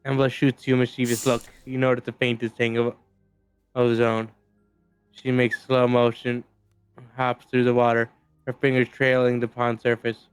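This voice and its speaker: A man reading a game's story narration aloud in a steady, even storyteller's way. His voice is smooth and clear, recorded close and dry. Faint music plays behind him. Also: mid-range voice, normal speed, no room sound. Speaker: streamer reading a story game.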